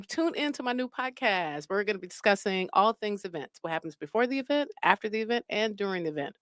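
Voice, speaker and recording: A woman's voice: medium pitch, a bit bright. A woman hosting a podcast, recording casual promo takes and laughing at her own flubs. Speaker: podcast host and event business founder.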